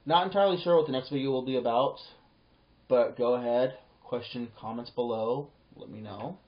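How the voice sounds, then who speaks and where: A man's voice: mid-range voice, moderate pace. A man telling a personal story to camera in a casual, rambling way, often repeating words and acting out the back-and-forth of conversations. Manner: rambling, repeats words, acts out quoted exchanges. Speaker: vlogger. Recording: dull lo-fi home recording.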